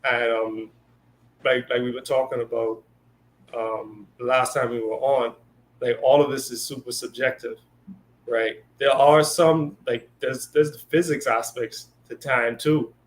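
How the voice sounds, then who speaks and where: A man's voice: medium pitch, fairly even intonation, unhurried. Male co-host, mid-range voice, easygoing chat that slips into quoted bits. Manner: conversational, lots of fillers and acted-out quotes. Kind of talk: casual spiritual discussion.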